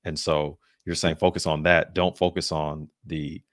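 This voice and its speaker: Male host, very low voice, relaxed interviewer who thinks out loud; dry close mic. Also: normal speed, dry recording. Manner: thinks aloud, explaining ideas in engineering terms; laughs easily, gives short affirmations. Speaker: podcast host. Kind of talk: casual conversational interview.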